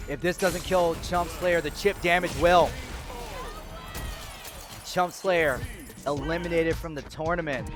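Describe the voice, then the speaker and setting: A man giving play-by-play commentary at a fighting game tournament, getting excited and shouting at big moments. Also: fairly high pitch. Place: gaming venue. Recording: music clearly underneath. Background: music.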